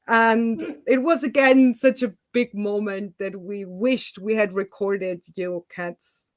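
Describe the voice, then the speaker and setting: A woman's voice: medium pitch, measured pace, dry recording. A woman from Germany with a German accent, hosting a casual video call chat and telling stories with lots of laughter. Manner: animated storyteller, laughs often. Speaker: YouTuber host.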